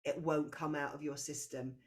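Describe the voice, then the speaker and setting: A woman's voice: sits low, little pitch movement, moderate pace, darkish tone. A woman giving a past-life reading to a client, talking intensely and circling back as she searches for words. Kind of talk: spiritual reading session.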